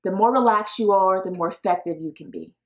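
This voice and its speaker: A woman's voice: medium pitch, a little fast, dull audio. Upbeat woman in her 30s hosting a podcast, chatty and encouraging, laughs a lot. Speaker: podcast host. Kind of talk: casual solo podcast talk.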